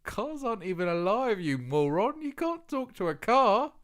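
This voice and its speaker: Brief: sharp-tongued alley cat, female, gravelly, voiced by a male reader. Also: medium pitch, very animated, unhurried.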